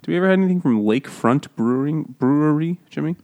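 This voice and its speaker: A man's voice: fairly high pitch, expressive, fast, darkish tone. A man co-hosting a casual podcast, retelling a classic story in a crude, joking way and voicing its characters as he goes. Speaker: podcast co-host. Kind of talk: casual comedic book chat over beers.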